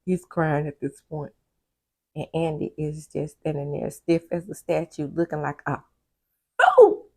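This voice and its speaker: Slow, gravelly-voiced woman recapping a show. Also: low-pitched, darkish tone, no room sound, clean studio sound. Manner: chatty, candid, laughing asides. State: sleepy. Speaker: TV recap vlogger. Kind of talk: casual episode recap.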